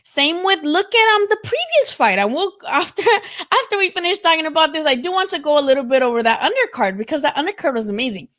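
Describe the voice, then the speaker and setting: Woman, high voice, casual boxing commentary, lots of fillers, swears. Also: fast. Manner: animated, swears freely, many fillers. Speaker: boxing show host. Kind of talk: casual live-stream commentary.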